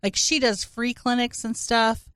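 A woman's voice: fairly high pitch, steady tone, a little slow, fairly bright tone, smooth, dry recording, clean studio sound. A woman in casual chat, telling a crude, joking story.

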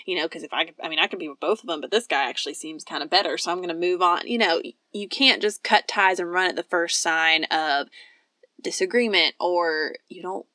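Bright-voiced woman co-hosting a faith chat. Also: fairly low pitch, quick pace, dry recording, studio quality. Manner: earnest, animated, acts out inner thoughts. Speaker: podcast co-host. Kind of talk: casual faith-based chat.

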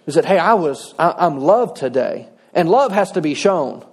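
Pastor guy, highish voice, chatty folksy sermon, kinda middle-aged. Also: expressive, normal speed, breathy edge. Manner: folksy, conversational preaching with humor.

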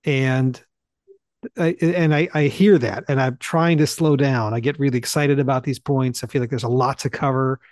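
A man teaching Bible studies, talking eagerly and fast in a casual podcast chat, often clipping his sentences and restarting. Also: mid-range voice, steady tone, darkish tone, no room sound, clean studio sound.

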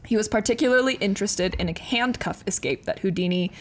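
A woman with a voice of middling pitch tells a history story to her co-host in relaxed podcast chat. She reads facts from her notes, then breaks off to laugh at the jokes before picking the thread back up. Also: fast talker.

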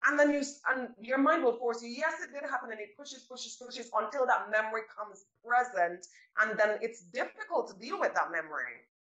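A woman guest chats on a podcast and tells animated stories, acting out her own past remarks. Her voice is bright and forceful. The room gives it a clear echo. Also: a little high, normal speed, hardly any pauses. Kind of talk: casual interview conversation.

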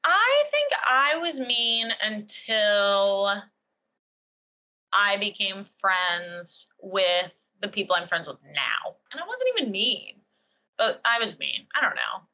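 A woman in her twenties co-hosts a casual, joking chat show, frequently trailing off before finishing a thought. Her medium-pitched voice is sing-song and sharp-toned, and she talks slowly. The recording sounds dull and lo-fi.

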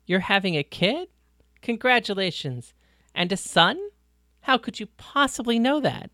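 A reader voicing Paris, a blunt, warm woman from a ranch, in an audiobook. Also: medium pitch, big pitch swings, unhurried, no room sound, clean studio sound, heavily acted. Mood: cheerful. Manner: breezy, teasing, plain-spoken. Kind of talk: audiobook reading.

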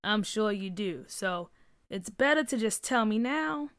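A woman voicing a protective father who speaks in a calm but stern, measured way. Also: fairly high pitch, clean tone, dry recording, studio quality.

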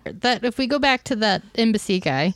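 Female co-host, expressive, lively pitch, dry close mic, easy laughter. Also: normal speed, no room sound. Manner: chatty, laughs easily. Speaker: podcast co-host. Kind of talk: casual movie discussion.

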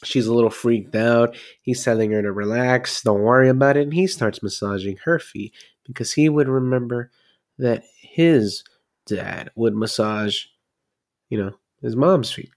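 A man's voice: mid-range voice, a little slow, a little mellow. A man casually recapping a film plot, rambling and swearing freely as he goes.

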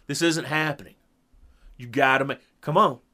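A middle-aged man telling a long story in casual chat, animated and acting out what people said. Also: medium pitch, moderate pace. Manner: animated storyteller who acts out quotes. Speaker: podcast co-host.

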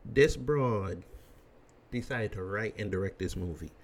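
A man's voice: fairly low pitch, expressive, a little slow. A man hosting a commentary show, ranting bluntly and emphatically with crude language. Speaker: commentary host.

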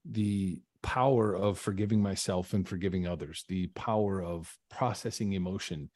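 This man has a low, slightly mellow voice and talks at a normal speed while telling a personal story as a podcast interviewee. He's sincere, with frequent false starts and repeats. No room sound is audible.

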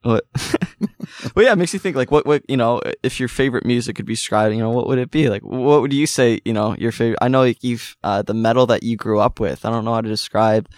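A man's voice: medium pitch, fast talker, darkish tone, no echo, clean studio sound. A young man, a musician guest, chatting casually in an interview, rambling with many fillers and restarts.

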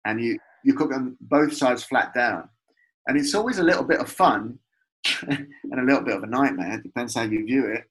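Husky middle-aged man, animated storyteller, from Peru. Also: medium pitch, normal speed, rough recording. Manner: warm, animated storytelling about food. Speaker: guest. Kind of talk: casual conversation.

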